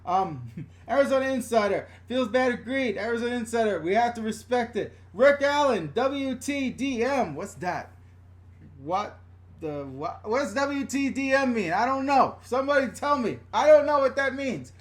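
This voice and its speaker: Man, middle-aged, high-pitched voice, blunt, chatty, swearing, live-stream rant at home. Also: animated, normal speed. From New York / New Jersey area. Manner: blunt, chatty, swears freely, reads viewer comments aloud. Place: room at home.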